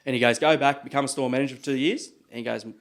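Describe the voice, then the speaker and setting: An Australian man telling stories in a casual podcast chat, animated and swearing freely. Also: mid-range voice, racing. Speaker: podcast guest, butcher. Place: podcast studio.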